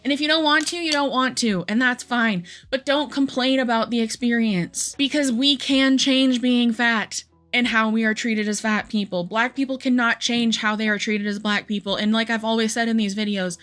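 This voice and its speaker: A woman's voice: a little high, steady tone, normal speed, hardly any pauses, fairly bright tone, faint music behind. Heated young woman commentator. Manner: heated, frustrated ranting. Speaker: commentary creator. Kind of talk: reaction commentary.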